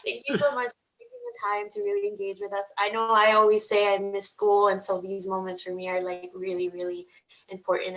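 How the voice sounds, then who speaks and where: A woman's voice: mid-range voice, rough recording. A woman hosting a webinar on a video call, closing the session with repeated thanks in an appreciative tone. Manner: warm, grateful, thanks repeatedly. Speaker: webinar host. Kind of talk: closing remarks.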